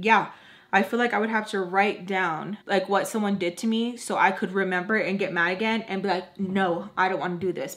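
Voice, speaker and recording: A young woman vlogger casually telling a storytime while doing her makeup, animated and exasperated, acting out the voices in her quotes. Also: mid-range voice.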